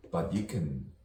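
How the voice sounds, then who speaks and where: A man with a very deep voice talking slowly through a playful, free-associating spoken-word monologue, rhyming as he rambles. He sounds set back from the microphone in an echoey room with faint ambience behind him. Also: dark tone, a little hiss or hum. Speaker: self-styled poet and performer. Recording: roomy echo, distant from the mic, faint ambience.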